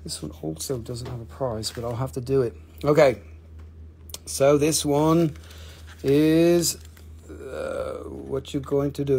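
A man's voice: a little high, moderate pace, husky. A man hosting a live stream to sell crystals, talking casually, swearing freely and counting down each sale.

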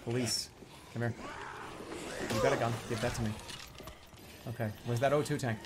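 A man streaming a video game, commenting as he plays and swearing often, dropping from low muttering to angry shouts. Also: fairly even intonation, normal speed, heavy background noise. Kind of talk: gaming livestream commentary.

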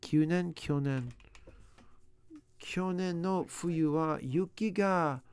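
Man talking to himself, slow deliberate pace, gravelly yet smooth voice, sounding out words, keyboard typing behind. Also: fairly high pitch, a little mellow. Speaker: language learner. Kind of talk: self-talk while studying.

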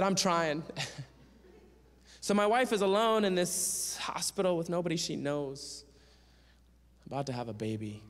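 A man's voice: medium pitch, normal speed, pauses often. A man giving a storytelling sermon as a guest speaker and singer, animatedly acting out the voices of the people in his story. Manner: animated storyteller who acts out quoted voices. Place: church sanctuary. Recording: long church reverb.

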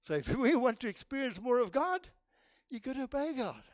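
A man preaching a sermon in church, emphatic and animated, rising and dropping sharply and restarting his phrases often. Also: extremely high pitch, fairly quick, dry recording, studio quality.

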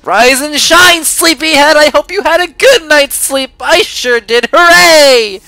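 A man doing a manically cheerful, squeaky wake-up voice. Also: unhurried, vocal fry, sharp tone, dry recording, exaggerated voice. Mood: gleeful. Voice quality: sing-song, exaggerated glee.

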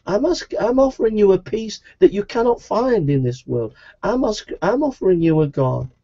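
A man delivers an evangelistic sermon in a pleading, repetitive way, his voice now and then rising high. His tone is dark and mellow. The recording sounds dull and lo-fi. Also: expressive, moderate pace. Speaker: preacher.

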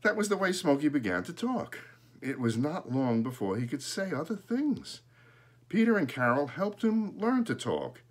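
Man, children's story reader, lively pitch, relaxed asides. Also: moderate pace.

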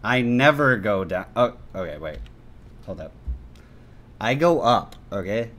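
Excitable man with bright tone. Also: fairly low pitch, unhurried. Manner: excitable, bursts into yelps and shouts, self-mocking jokes. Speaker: gaming youtuber. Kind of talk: gameplay commentary.

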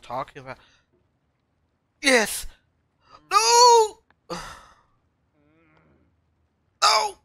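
A woman's voice: extremely high pitch, huge pitch swings, drawn-out words, vocal fry, long pauses, fairly bright tone, dry recording, clean studio sound. A woman streaming a frustrating climbing game, yelping yes and no, laughing and shrieking at every setback. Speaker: VTuber streamer. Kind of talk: reactive gameplay commentary.

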